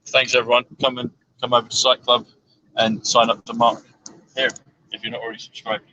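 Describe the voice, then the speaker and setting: A man's voice: medium pitch, flat delivery, fairly quick, pushed and bright, highs cut off, a little hiss or hum. A man chatting casually in a moving car, rambling through numbers with plenty of fillers. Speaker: numerology guest. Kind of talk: casual chat on a road trip. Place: inside a moving car on a road trip.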